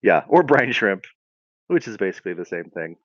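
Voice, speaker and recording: A man co-hosting a casual podcast, animated and easily amused, sometimes trailing off. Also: sits low, brisk, no room sound, dull audio. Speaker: podcast co-host. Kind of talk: casual chat.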